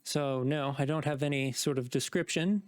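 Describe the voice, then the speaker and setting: A man voicing a flustered, pompous well-to-do gentleman who has been robbed. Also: fairly high pitch, normal speed, dry recording, studio quality, natural voice.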